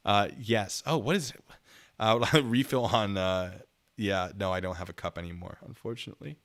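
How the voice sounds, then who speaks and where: A man with a bright, forceful voice chats casually on his livestream, laughing often. He reads donations aloud and talks loosely to viewers. His voice sits on the low side for a man. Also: normal speed. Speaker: streamer reacting to videos.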